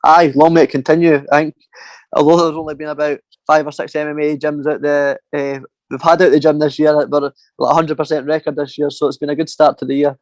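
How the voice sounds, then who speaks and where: Sweary young Scottish fighter, dry sound. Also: male voice, on the high side, level tone, a little fast, a little mellow, no room sound, rough recording. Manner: rambling storytelling, heavy swearing. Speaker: MMA fighter, interview guest. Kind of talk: casual interview chat.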